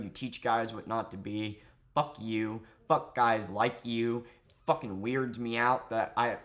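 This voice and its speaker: A young man delivers a heated vlog rant at a middling pitch. He swears freely and turns sarcastic, mocking his target with scornful jabs. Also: fairly bright tone. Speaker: streamer and vlogger. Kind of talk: ranting commentary vlog.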